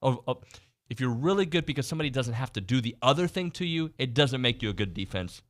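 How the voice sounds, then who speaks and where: A man hosting a casual sports talk radio show, animatedly reading out team stats and quizzing his co-host. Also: medium pitch. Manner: animated, reads stats off quickly. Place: radio studio.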